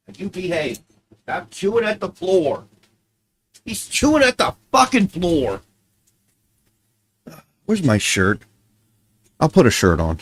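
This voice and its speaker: A gaming streamer who swears constantly and breaks off to scold his dog. His voice sits a bit high for a man and swings widely. He drags his words out slowly. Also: huge pitch swings, slight background noise, rough recording. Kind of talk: casual livestream chatter.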